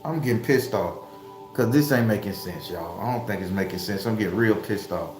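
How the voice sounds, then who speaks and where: In a lowish voice at a slightly quick pace, the spiritualist YouTuber delivers a heated spiritual message to the camera. He swears without restraint and rattles off rhetorical questions like a preacher; the room echoes and faint music sits underneath.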